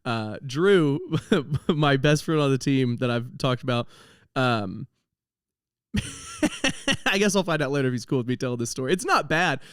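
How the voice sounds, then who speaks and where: A man's voice: mid-range voice, expressive, normal speed, pauses often, smooth, no echo, clean studio sound. A man who hosts a comedy podcast, telling stories in a rambling way and breaking into laughter mid-sentence. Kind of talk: comedic storytelling monologue.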